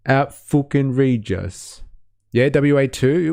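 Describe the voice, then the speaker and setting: A man's voice: mid-range voice, takes it slowly, creaky, long pauses, a little mellow, no room sound, clean studio sound. A man hosting a livestream, reading out viewer comments in a casual, swearing, mock-outraged way. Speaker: livestream host.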